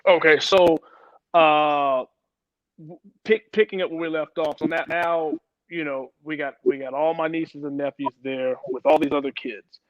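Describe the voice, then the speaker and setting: Halting man telling a painful story. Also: on the high side, steady tone, dry recording. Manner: halting, many restarts and repeated words. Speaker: interviewee. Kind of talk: personal testimony in an interview. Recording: dull lo-fi sound, dry.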